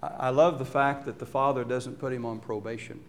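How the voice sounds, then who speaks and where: Animated male preacher. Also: mid-range voice, fairly quick. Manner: animated storytelling, asks rhetorical questions, acts out quotes. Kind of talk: sermon.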